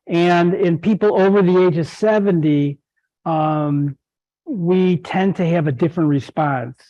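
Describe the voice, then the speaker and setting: Dull-sounding older-voiced doctor lecturing. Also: male voice, a little high, measured pace, mellow. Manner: explanatory, wry asides, frequent restarts. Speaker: guest speaker physician. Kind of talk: club presentation lecture.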